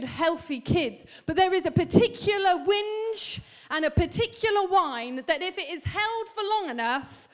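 A woman in her thirties preaching a sermon to a congregation, chatty and humorous, telling stories and asking the room questions. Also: high voice. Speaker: pastor. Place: church hall.

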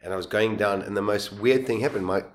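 Quiet, halting man. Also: on the low side, slight background noise. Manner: quiet, halting, repeats words. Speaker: guest telling his survival story. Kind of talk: emotional personal storytelling.

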